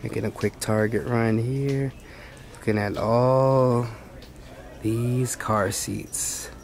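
A man with a rough, gravelly voice, chatting in a laid-back, rambling way for a vlog while out shopping. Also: mid-range voice, steady tone, slow, a little mellow. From Hawaii. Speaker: vlogger. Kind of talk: casual vlog chat. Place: car and a big-box store.

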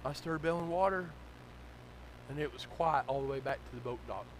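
A male pastor, preaching a sermon that moves from low, conversational storytelling to loud, shouted exhortation. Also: fairly quick, a little hiss or hum, low-quality recording.

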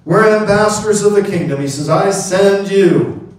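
Middle-aged male preacher, storytelling sermon, booming hall echo. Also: normal speed. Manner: storytelling preacher, calls out amen to the congregation. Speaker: pastor. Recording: very echoey hall, mic from a distance.

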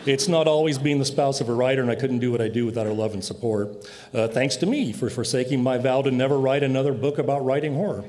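A man's voice: medium pitch, fast talker, a little mellow, slight background noise. A man giving an acceptance speech, wry and grateful. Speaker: award winner.

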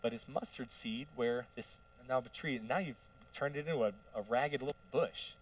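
A man preaching a sermon in an easy, conversational way, asking the congregation questions as he goes. His voice is mid-pitched and picked up by a mic some distance away in a church. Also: normal speed. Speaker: pastor. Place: church sanctuary.

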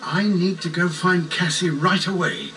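Casting: a high-pitched, lively old mentor figure, folksy rambling, heard from afar over game music. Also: male voice, distant mic, background noise. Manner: folksy, wandering, slow-spoken. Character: rambling kindly old male psychic mentor.

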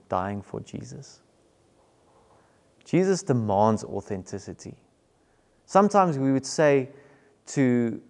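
A man's voice: fairly low pitch, a little mellow, in a large hall. A man with a South African accent, preaching a sermon as pastor in an earnest, emphatic way, repeating key words.

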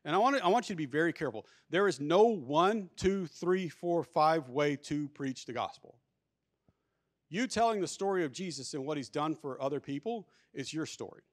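A man with a slightly high voice leads a conference workshop, speaking with energy and emphasis. He keeps it conversational and often restarts his sentences as he drives home his points. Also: animated, moderate pace. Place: conference hall. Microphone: handheld or lapel microphone.

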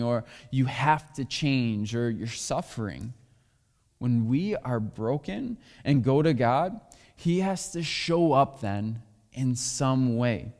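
A man's voice: medium pitch, a little mellow. A man preaching a sermon as pastor, talking candidly and sharing personal stories. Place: church sanctuary. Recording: long hall reverb.

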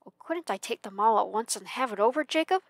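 A woman voicing an anxious old male miser in a storybook reading, faltering and pleading, her pitch climbing when he begs. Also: lively intonation, fast talker, dry recording, studio quality.

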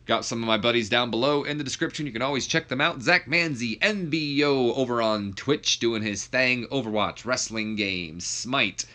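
A young man gives laid-back, jokey commentary over a wrestling management game. His voice sits a little low but sounds bright and forceful, and it jumps high whenever something exasperates him. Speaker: YouTuber playing a wrestling sim.

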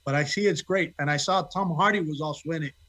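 Man with a high voice, an actor guest chatting loosely, lively and quick to restart his sentences. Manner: animated storyteller, restarts phrases. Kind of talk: casual interview chat.

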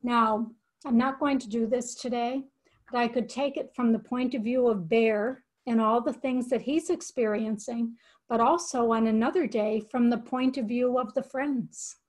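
An older woman teaching from a picture book, reading slowly and expressively and pausing to explain words. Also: fairly high pitch, fairly even intonation, a little mellow. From United States. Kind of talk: read-aloud lesson for educators.

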